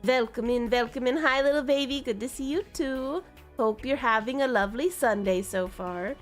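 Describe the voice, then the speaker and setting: A woman's voice: fairly high pitch, moderate pace. A woman streamer in casual live chat, greeting viewers by name and reading their messages aloud, playfully slipping in and out of put-on accents. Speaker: livestreamer. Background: faint background music.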